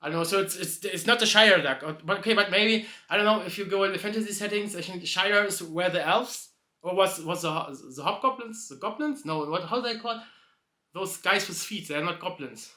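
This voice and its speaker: A video host tells a joke in a rambling, hesitant way, full of fillers, self-corrections and restarts. His voice is high and sharp, his pace fairly quick, and the sound reverberant.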